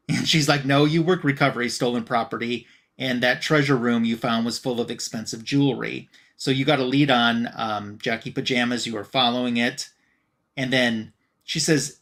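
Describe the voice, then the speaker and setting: A man's voice: mid-range voice, brisk. Male co-host, mid-range voice, walks through a comic story in a loose, filler-heavy retelling. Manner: retells scenes by reading out dialogue with "she's like"; relaxed, frequent "um" and "uh" fillers. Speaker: podcast co-host reviewing comics. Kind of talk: casual comic recap.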